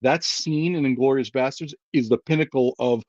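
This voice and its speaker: A man co-hosting a casual movie podcast, ranting in an animated, self-mocking way. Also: mid-range voice, normal speed, no room sound, highs cut off. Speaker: podcast co-host. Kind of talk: casual movie ranking chat.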